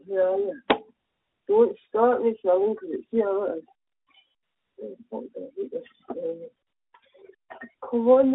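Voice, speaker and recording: A man doing a frantic, shrill Scottish woman caller. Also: gravelly, slight background noise, full character voice. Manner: rambling, flustered, swears a lot. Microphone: phone. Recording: tinny phone line.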